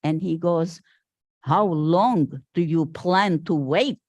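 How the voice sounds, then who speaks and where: An older woman from Syria, a guest speaker giving an animated storytelling talk at a Sunday service, acting out the voices she quotes. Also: low-pitched, slow pace, no room sound, studio quality. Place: spiritual center meeting hall.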